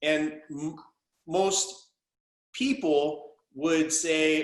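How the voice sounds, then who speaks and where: A man hosting a podcast, asking questions and telling stories in a chummy, animated, casual way. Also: a little high, normal speed. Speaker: podcast host. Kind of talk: casual interview chat. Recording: roomy echo.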